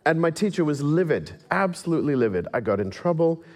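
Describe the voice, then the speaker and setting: A man's voice: a little high, big pitch swings, a little fast, darkish tone. A man with a mixed English and American accent, giving a talk with slides, self-deprecating and wry, laughing now and then as he tells stories. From England. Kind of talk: presentation to an audience with slides.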